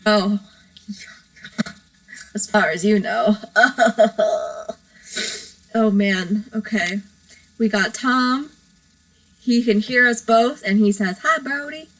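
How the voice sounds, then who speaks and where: A woman's voice: mid-range voice, fairly even intonation, very slow, pauses often, rough recording. A woman hosting a casual live stream from her bedroom, rambling, giggly and self-deprecating. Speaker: livestream host.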